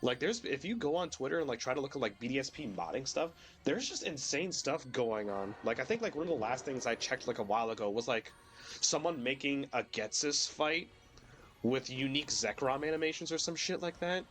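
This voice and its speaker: A man's voice: medium pitch, animated, brisk, a bit bright. A young man streaming a video game while sick, rambling casually with lots of fillers and the odd swear, his voice cracking at times. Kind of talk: casual gameplay commentary.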